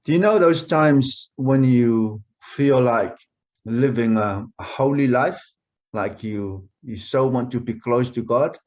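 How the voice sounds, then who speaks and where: A male pastor delivers a sermon at an unhurried, measured pace. His pitch sits in an ordinary middle range. He stresses key phrases and repeats them for emphasis. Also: a little mellow, dull audio. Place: church.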